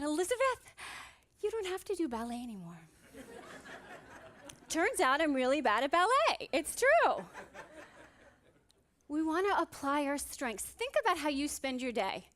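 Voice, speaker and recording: Her voice is high-pitched and slightly bright as this psychiatrist delivers a motivational conference talk on stage. She tells humorous stories and poses rhetorical questions to the crowd.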